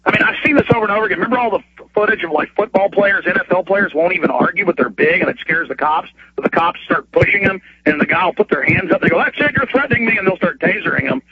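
A man hosting talk radio over a phone line, ranting in a fast, repetitive way with stammering restarts and bursts of outrage. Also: high-pitched, slightly rough. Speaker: radio host. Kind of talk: heated talk radio rant.

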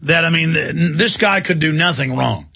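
A man's voice: fairly high pitch, moderate pace, vocal fry, bright, forceful tone, husky, no echo. A man hosting a talk radio show, rambling and indignant in an emphatic monologue from a studio.

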